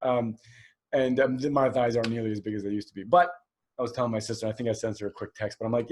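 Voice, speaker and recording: A man's voice: fairly low pitch, fairly even intonation, quick pace, darkish tone. 40-something guy doing a solo podcast, rambly and open, lots of ums. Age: 40s. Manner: candid, rambling, lots of fillers and restarts. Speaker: podcast host.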